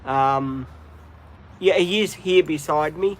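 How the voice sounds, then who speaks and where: Man, live-stream host, rambling chatty talk, lots of ums, fairly high voice, faint noise behind. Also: moderate pace, fairly bright tone. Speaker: livestream host. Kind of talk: casual live-stream chat. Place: at home with his dog.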